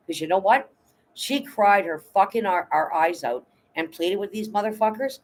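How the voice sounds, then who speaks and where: A woman's voice: mid-range voice, animated, moderate pace, rough recording. A middle-aged Canadian woman chatting bluntly and emotionally on a livestream, swearing often and greeting viewers by name. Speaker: livestream host. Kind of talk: casual livestream chat.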